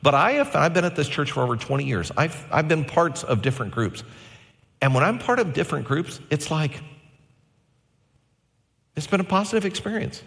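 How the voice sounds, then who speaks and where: A pastor in his forties delivering a sermon with animated, varied delivery and slow, emphatic phrases. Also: fairly high pitch, creaky, in a large hall.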